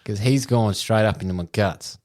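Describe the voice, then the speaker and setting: Casting: Australian man, lowish voice, crude storyteller, laughs often. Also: normal speed, a little mellow. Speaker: podcast co-host. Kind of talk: casual storytelling.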